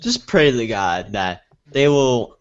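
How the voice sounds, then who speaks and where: Excitable young man saying dude. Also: medium pitch, slow, clean tone. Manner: excitable, swears, says dude and bro a lot. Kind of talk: casual podcast chat. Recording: dull lo-fi audio.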